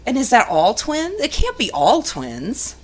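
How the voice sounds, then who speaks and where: A woman co-hosting a podcast, reading listener stories aloud in an animated, conversational way. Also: a little high, measured pace. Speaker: podcast co-host.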